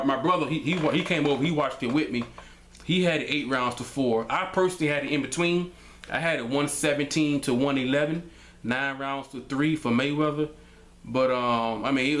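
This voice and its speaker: A man giving his opinions in a casual vlog, loose and conversational, with lots of filler phrases, rising higher and more emphatic when he makes a point. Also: a bit bright. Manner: loose and conversational, many "man" and "you know what I mean" fillers. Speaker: vlogger giving fight commentary.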